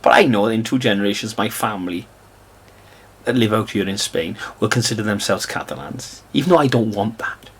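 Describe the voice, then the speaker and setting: Husky, scornful British man ranting. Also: lively intonation, a little fast. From Britain. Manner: scornful and combative, swings between loud outbursts and low mutters. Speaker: political commentator. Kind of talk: angry political rant.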